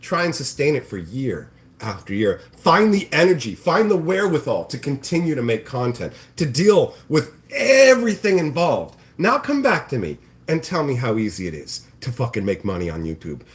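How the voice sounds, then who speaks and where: This livestream host, a man frying bacon at home, delivers a profane, sarcastic rant and imitates people in mocking voices. He speaks at a moderate pace, medium-pitched but with huge swings in pitch.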